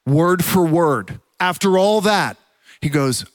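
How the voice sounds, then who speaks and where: Man preaching, high voice, dry close sound, animated storytelling, church sermon. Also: slow, no room sound. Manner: animated storytelling, drops to a hush for quiet moments. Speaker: pastor.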